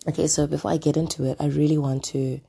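A podcast host chatting casually on their own, hoarse from a throat illness, rambling with lots of ums and asides. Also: medium pitch, little pitch movement, quick pace, mellow. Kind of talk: casual solo podcast chat. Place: at home.

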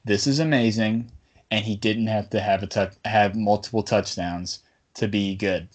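A man's voice: fairly low pitch, fairly even intonation, moderate pace. A man hosting a casual sports podcast, talking in a rambling, bantering way. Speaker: podcast host.

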